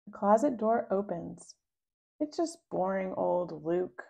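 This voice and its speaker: A woman reads a children's book aloud at a slow, careful pace, her pitch bounding up and down with delight. She voices the child narrator in sudden high, loud bursts. The recording sounds a little dull and lo-fi. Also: lively intonation, creaky, husky. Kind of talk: read-aloud storytelling.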